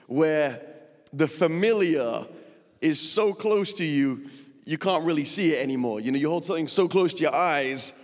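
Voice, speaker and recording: A man's voice: fairly high pitch, big-room sound. A man preaching a sermon as pastor, earnest and conversational, turning emotional as he speaks. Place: church hall.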